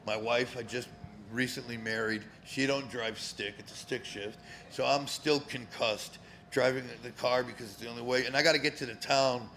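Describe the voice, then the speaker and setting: With fairly even intonation and a pushed, bright mid-range voice, a man in his fifties talks at normal speed amid a little hiss or hum. A former pro wrestler from Connecticut, USA, he's a live-show guest in a cigar lounge, rambling through profane, filler-laden stories.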